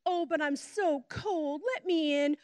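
A woman voicing a cold, sly male snake in a sermon story, wheedling softly to be let in. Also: very high-pitched, fairly even intonation, measured pace, no room sound. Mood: pleading. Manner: wheedling, soft begging.

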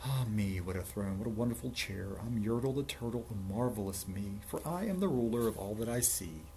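Brief: grandiose bragging turtle king, read by a man, low voice, commanding. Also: animated, a little fast, mellow, faint music behind. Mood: triumphant. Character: boastful bossy male turtle king.

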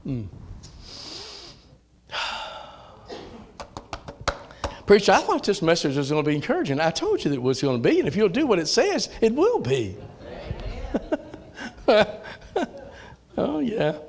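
A man with a Southern US accent preaching a sermon in a church, folksy, dropping to low asides and rising to shouted calls. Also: wildly swooping pitch, slow pace, long pauses. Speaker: pastor. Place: church sanctuary.

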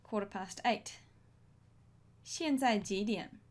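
A woman teaching a language lesson, modelling each phrase slowly and clearly for learners to repeat. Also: medium pitch. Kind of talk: slow, deliberate language lesson.

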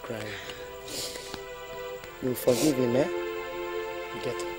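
A slow, soothing Nigerian mother. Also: rumbling low. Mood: soothing, pleading. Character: patient, pleading mother consoling her daughter. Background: loud film score music.

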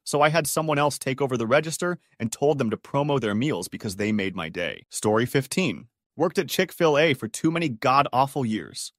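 Man reading stories with a lively voice. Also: medium pitch, a little fast, hardly any pauses, no room sound, studio quality. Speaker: story narrator. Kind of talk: scripted narration of online stories.

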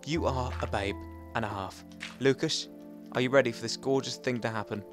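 Talking to himself and his audience during a let's play, this man alternates loud outbursts with soft mumbling as he rambles on. He speaks at a normal speed with a medium pitch and a steady tone, over soft background music.

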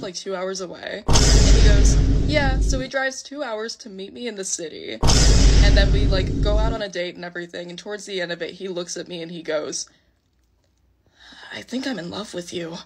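A young woman casually telling a long dating story, full of fillers and quoted lines. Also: mid-range voice. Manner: chatty, full of "like" and acted quotes. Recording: loud music behind voice.

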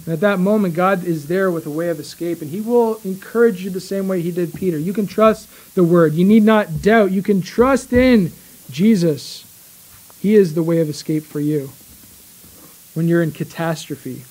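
A man preaching a sermon in a small church, earnest and emphatic, slowing down and pausing to stress his points. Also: sits high, a little mellow, rough recording. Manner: earnest, slow emphatic delivery with pauses.

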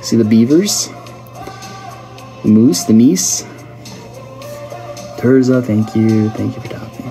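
A man talks to his viewers in a relaxed, joking live chat, teasing them as he answers comments. His voice sits in a middle pitch and has a dark, mellow tone. Soft music plays faintly behind him. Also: takes it slowly, pauses often. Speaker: livestream host.

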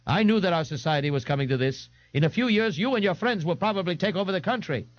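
A man's voice: sits high, expressive, fast, dry recording, faint music behind, pitched above the performer's own voice. Ignatius: a man doing a pompous, scolding crank. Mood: scornful. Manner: haughty, florid and scolding, with grand pronouncements. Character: pompous, indignant, bloated male eccentric. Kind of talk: audiobook character voice. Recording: dull, dry 1989 tape recording.

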